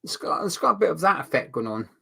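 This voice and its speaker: Bright-voiced man reading fan comments. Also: on the high side, very animated, fast, creaky, husky. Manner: rambling, reads out viewer names and comments. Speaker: fan channel co-host. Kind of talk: casual football fan chat reading viewer comments.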